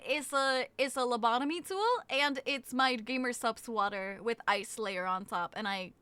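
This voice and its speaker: A woman's voice: high-pitched, bright, forceful tone, no echo. A woman streamer chatting casually with her viewers, playful and teasing as she reads their messages aloud.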